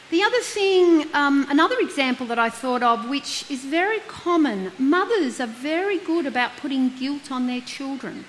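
A woman's voice: high-pitched, sing-song, normal speed, a bit bright, a little hiss or hum, poor audio. A middle-aged woman, a counsellor giving an earnest talk that leans on rhetorical questions and everyday examples. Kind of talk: reflective talk on guilt.

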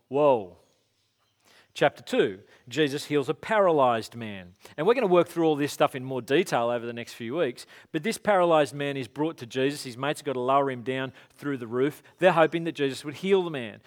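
Aussie guy preaching laid-back, slightly higher voice, acts out the quotes. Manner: casual, animated storytelling with acted-out quotes. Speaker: pastor. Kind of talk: conversational sermon.

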